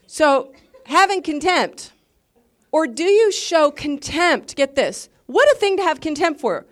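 A woman's voice: high-pitched, sing-song, measured pace. A woman teaching a Bible lesson in a passionate, emphatic sermon style, full of rhetorical questions.

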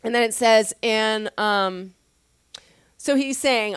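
A woman pastor teaching from the Bible in a casual, conversational way, with animated slangy asides and frequent laughs. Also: a little high, slow, smooth, no echo, clean studio sound.

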